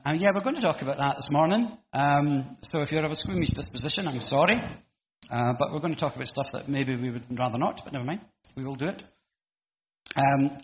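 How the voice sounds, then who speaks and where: In a church hall, a middle-aged preacher with a mid-range voice delivers a chatty, self-deprecating informal sermon, often restarting and saying um. Slight background noise sits under an echoey, somewhat dull sound.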